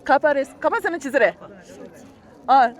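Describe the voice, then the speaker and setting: A woman with a high, lively voice teaches a relaxed language lesson outside in a crowded public place, speaking at a moderate pace over a faint crowd of onlookers in the street. She walks through each step warmly and laughs a lot.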